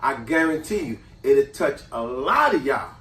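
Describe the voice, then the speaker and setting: A man hosting a casual chat, telling a childhood story in an animated, slangy way. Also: medium pitch, unhurried. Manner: animated, slangy, acts out voices. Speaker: host. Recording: roomy echo, distant mic.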